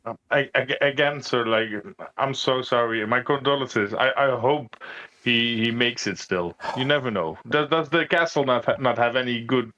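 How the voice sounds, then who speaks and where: A man takes part in a casual tabletop game, speaking at an ordinary pitch. He is polite and stammers, restarting his sentences as he decides what to do. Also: moderate pace, pushed and bright, rough recording. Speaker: player.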